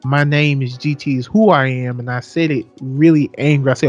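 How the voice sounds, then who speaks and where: A man's voice: medium pitch, fairly quick, hardly any pauses, lo-fi sound, faint music behind. A young man co-hosting a podcast, chatting casually with a lot of rambling and "so yeah" repeats, swearing freely. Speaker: podcast co-host. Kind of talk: casual chat.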